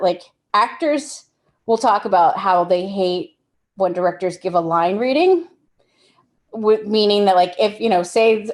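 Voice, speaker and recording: A woman's voice: mid-range voice, darkish tone. A woman giving a casual workshop talk on directing actors, explaining with everyday examples and often restarting her sentences. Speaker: film directing instructor.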